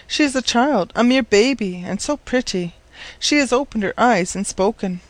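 A man voicing a flustered young housemaid who talks breathlessly in sharp exclamations. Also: high voice, animated, a little slow, no room sound, pitched above the performer's own voice.

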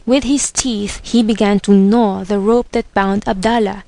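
A woman narrating a storybook with a measured, expressive reading. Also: mid-range voice, creaky. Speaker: reader.

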